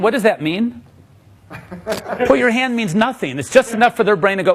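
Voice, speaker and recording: A man's voice: high voice, brisk, pauses often. A man giving a live magic lecture, playful and joking with the audience as he demonstrates tricks.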